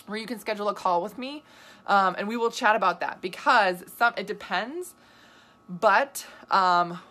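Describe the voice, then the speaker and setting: A woman nutrition coach hosting a live video, answering viewer questions in an animated, chatty way with lots of asides and laughs. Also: on the low side, slight background noise. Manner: animated, gesturing a lot while talking.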